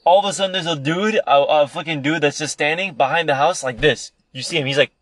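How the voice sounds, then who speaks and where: A man's voice: a little high, quick pace, a bit bright, no room sound. A young man telling a rambling story in casual podcast chat, swearing often and acting out what people said. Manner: rambling, heavy swearing, acts out quoted voices. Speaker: podcast co-host. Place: indoor room, podcast recording.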